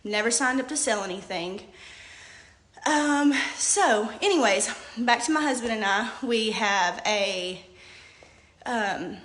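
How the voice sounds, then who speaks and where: A woman's voice: a little high, slow pace, a bit bright, echoey room. A woman, talking nervously and rambling on a live video, holding back tears. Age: late 20s. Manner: nervous, rambling, says um often. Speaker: hairstylist and product seller.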